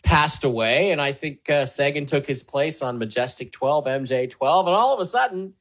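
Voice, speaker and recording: A man's voice: on the high side, expressive, normal speed, fairly bright tone. A man as a talk show guest, answering questions earnestly in a rambling way, with many fillers and restarts. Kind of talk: conversational interview answers.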